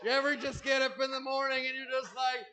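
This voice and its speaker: High, smooth-voiced ranting stand-up man. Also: flat delivery, fast, sharp tone, low-quality recording. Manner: profane, agitated ranting with stammered restarts. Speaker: stand-up comedian. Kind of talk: stand-up comedy rant.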